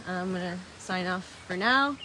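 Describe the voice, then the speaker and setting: A woman's voice: lowish voice, normal speed, background noise. A woman casually chatting to her viewers in a vlog, talking about surrender and going with the flow, and stopping to talk to dogs. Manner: chatty, spiritual, playfully talks to dogs. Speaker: vlogger.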